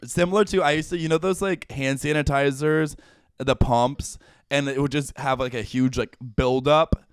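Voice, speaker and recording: A young man hosting a podcast, ranting in a casual, profane and animated way. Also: medium pitch, normal speed, clear, resonant tone, no echo, clean studio sound. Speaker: podcast host. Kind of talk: casual comedic chat.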